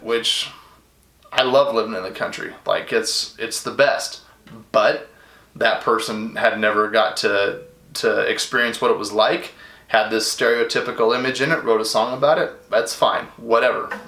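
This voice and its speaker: A man's voice: medium pitch, sharp tone, reverberant. A man teaching a recorded music lesson to his students in a casual, chatty way, full of asides and fillers.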